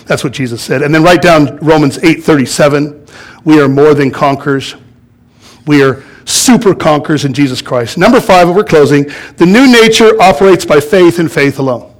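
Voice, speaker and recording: A man pastor delivering a sermon, animated and storytelling, chuckling as he goes. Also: a little high, moderate pace. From United States. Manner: animated storytelling with laughs and acted-out quotes.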